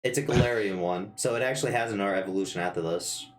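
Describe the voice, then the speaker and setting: A man's voice: fairly low pitch, fast. A man running a tabletop game as game master, in casual talk and rule checks.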